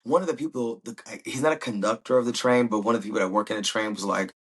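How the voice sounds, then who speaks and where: A man with a husky, slightly breathy voice talks through a TV episode recap. His delivery is chatty and slangy, and he slips into little acted-out quotes as he goes. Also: lowish voice, fairly even intonation, fast talker, fairly bright tone. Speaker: podcast host.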